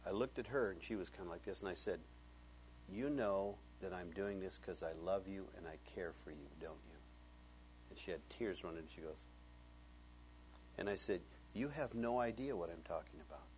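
Man, pastor, middle-aged, sermon, conversational, hushed to loud. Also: deep voice, moderate pace, a little hiss or hum.

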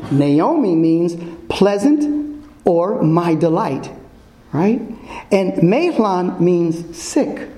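A man's voice: high voice, sing-song, drawn-out words, dark tone. A man giving an informal sermon as a Bible teacher, emphatic and full of rhetorical questions to his listeners. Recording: echoey room.

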